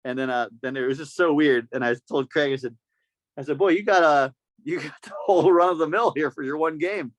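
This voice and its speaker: A man hosting a podcast, telling a story in a casual, animated way and acting out the voices of the people in it. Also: on the high side, brisk, no room sound. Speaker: podcast host.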